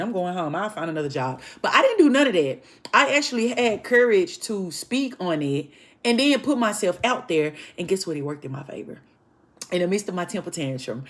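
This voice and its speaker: Young woman trucker ranting storytime to y'all, acts out every line, lowish voice. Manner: animated, profane, acts out dialogue, addresses "y'all". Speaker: truck driver, vlogger. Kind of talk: casual storytime monologue to viewers.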